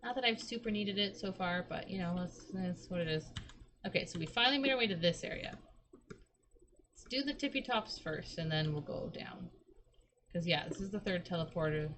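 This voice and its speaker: Hoarse young woman, game streamer, chatty, swears, tells stories, strained voice. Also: lowish voice, animated, a little fast, background noise. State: hoarse, lost voice. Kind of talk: casual gameplay commentary.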